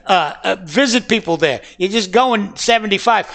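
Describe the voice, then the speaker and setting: High-voiced older comic host. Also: male voice, sharp tone, slight background noise. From Boston area. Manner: storytelling with comic pauses and quick asides. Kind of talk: comedy podcast banter.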